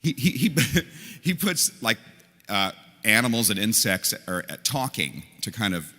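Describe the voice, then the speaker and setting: Older priest preaching in a reverberant church. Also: male voice, fairly low pitch, unhurried. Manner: conversational, animated, acts out quotes. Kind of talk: sermon. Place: large church.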